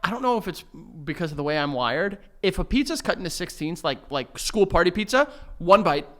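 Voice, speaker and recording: A man's voice: high-pitched, very animated, a little fast, fairly bright tone. A man with a New York accent co-hosting a podcast, talking in an opinionated, profane rant. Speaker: podcast co-host. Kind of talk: casual podcast chat.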